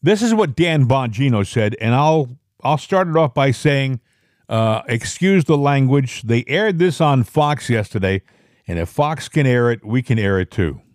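A man's voice: medium pitch, lively intonation, a little slow, a little mellow, dry recording, clean studio sound. A man hosting a political talk show, speaking in an indignant, rambling way. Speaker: podcast host.

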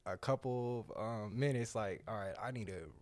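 A man's voice: on the low side, normal speed, darkish tone, dry recording. A young man, a podcast guest, telling a story in a rambling casual way, full of restarts.

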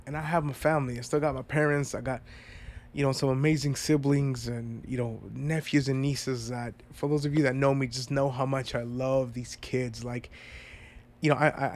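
A vlogger with a stuffed-up, congested voice addresses his viewers in a personal vlog. At a middling pitch he speaks earnestly and from the heart, rambling as he reflects.

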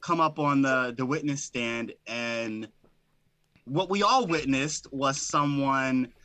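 A man's voice: mid-range voice, slow pace, sharp tone, no echo. A man co-hosting a podcast, giving emphatic, rhythmic commentary in a casual chat and swearing now and then. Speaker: podcast co-host.

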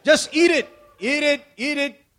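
A man from Kerala with an Indian accent, preaching an energetic sermon, shouting and laughing with playful asides. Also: extremely high pitch, unhurried.

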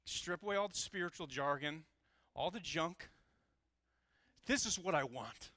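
A male pastor preaching a sermon, candid and animated, swinging between loud passages and hushed ones. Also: fairly high pitch, a little slow, no echo.

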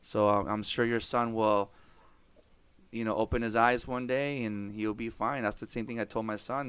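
A man, telling family stories on his podcast in a casual, animated way, swearing and laughing often. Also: fairly low pitch, normal speed, clear, resonant tone, no echo. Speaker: podcast host. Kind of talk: casual storytelling chat.

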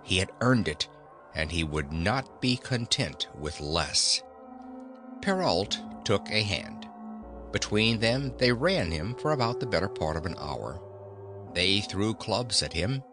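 Guy reading a classic adventure book aloud, low voice, slow, music playing underneath. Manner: slow, expressive storytelling. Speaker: audiobook reader. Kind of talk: audiobook narration. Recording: narration over background music.

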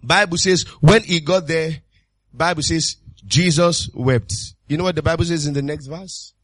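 A man preaching a sermon as pastor, exuberant and full of repeated calls and sudden shouts. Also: a little high, moderate pace, dry recording.

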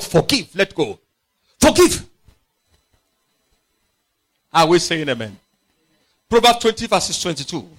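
A man preaching a sermon, emphatic and repetitive, swinging from loud outbursts to quiet, low phrases. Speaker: pastor.

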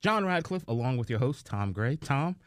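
A man's voice: mid-range voice, big pitch swings, normal speed, no echo, studio quality. Jovial, silly male podcast co-host. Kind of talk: casual chat.

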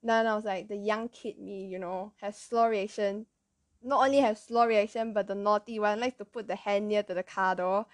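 A woman's voice: mid-range voice, steady tone, normal speed, no room sound. A young woman with a Malaysian English accent, chatting casually and rambling through childhood stories with frequent self-amused laughs. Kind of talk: casual storytelling.

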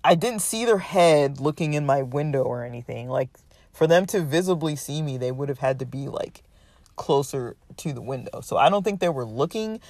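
Man, raised pitch, exasperated rambling storyteller, dead dry recording. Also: animated, moderate pace, a little mellow, no echo. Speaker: vlogger ranting about a roommate. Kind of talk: casual rambling monologue.

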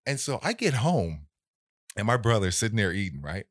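A man in casual conversation, telling a story in an animated way and acting out the voices of people in it. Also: fairly low pitch, normal speed, no echo, studio quality.

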